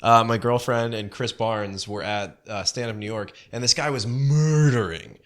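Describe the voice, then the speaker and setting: Bright-voiced joking comedian man. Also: medium pitch. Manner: quick, joking, restarts often. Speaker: podcast co-host, comedian. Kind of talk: casual comedic chat.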